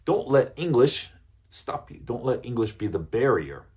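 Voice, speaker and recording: A man's voice: medium pitch, normal speed, husky. A man teaching business English phrases, repeating examples and checking in with listeners often. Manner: animated, repeats phrases with checking "okay?" and "right?".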